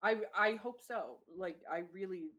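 A co-host on a casual podcast, talking in halting bursts with lots of restarts and excited reactions. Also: medium pitch.

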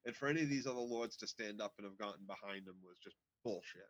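Dude cohosting a tv recap, blunt, swears a ton, dry dull mic sound. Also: male voice, lowish voice, quick pace, no echo. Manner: blunt, swears heavily, opinionated. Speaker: podcast co-host. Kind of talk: casual recap chat.

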